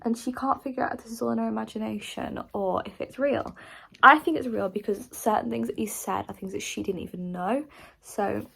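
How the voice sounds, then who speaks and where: A woman's voice: a little high, a little fast, gravelly, fairly bright tone, slight background noise, rough recording. A young woman chatting casually as a book vlogger, gushing and talkative with lots of "like". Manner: chatty and gushing, heavy use of "like". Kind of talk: casual vlog chat.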